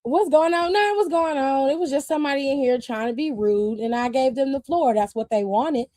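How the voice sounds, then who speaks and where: A high-pitched woman hosts a casual livestream, talking to her viewers in a blunt, sassy way. She swears freely and laughs often. Her voice is close and dry, with no room sound around it. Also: brisk, warm tone, no echo. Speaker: streamer host.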